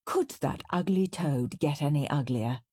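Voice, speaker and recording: A woman reading a children's storybook aloud, narrating with expressive, animated delivery. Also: sits low, measured pace, husky, no room sound.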